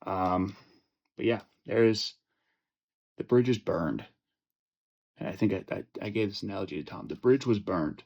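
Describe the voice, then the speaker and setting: A man's voice: lowish voice, normal speed, vocal fry, long pauses, muffled recording. A young man hosting a casual fantasy football chat, profane and joking, rambling with lots of fillers and restarts. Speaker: fantasy football podcast host.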